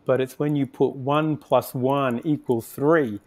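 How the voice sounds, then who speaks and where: Male podcast guest, mellow warm tone, unscripted, plenty of restarts and fillers. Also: medium pitch, steady tone, a little slow. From Australia. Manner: thinks aloud with frequent restarts and fillers. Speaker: podcast guest, conversion optimization agency founder. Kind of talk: conversational interview answers.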